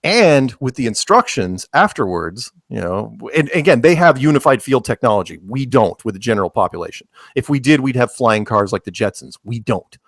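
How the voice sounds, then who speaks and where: A man guest on a casual podcast, telling stories with jokey asides and plenty of restarts. His voice sits at an ordinary middle pitch. The recording is close and dry, with no room sound. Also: a little fast, hardly any pauses, no echo. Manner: animated storyteller, jokey asides, frequent restarts.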